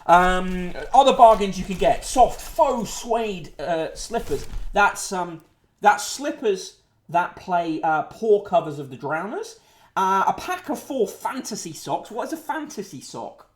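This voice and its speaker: A man's voice: sits high, lively intonation, measured pace. A man hosting a casual live-streamed newspaper review, sardonic and rambling, with lots of ums and uhs. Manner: sardonic, rambling, with frequent fillers. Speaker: host.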